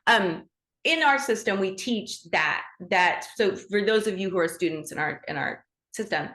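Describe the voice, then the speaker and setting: A woman hosting a live online group class as a teacher, talking with enthusiasm and big swings in pitch. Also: fairly bright tone. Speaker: animal Reiki teacher and host. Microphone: video call.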